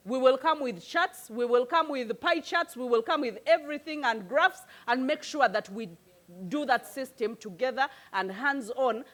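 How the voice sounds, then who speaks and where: High-voiced woman coaching. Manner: lively, conversational, addresses the audience directly. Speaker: life coach and channel host. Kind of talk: motivational talk.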